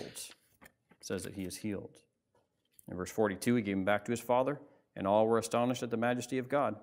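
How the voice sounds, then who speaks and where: A pastor preaching a sermon in a church, reading scripture and explaining it in a conversational way with frequent asides. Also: male voice, fairly low pitch. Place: church sanctuary.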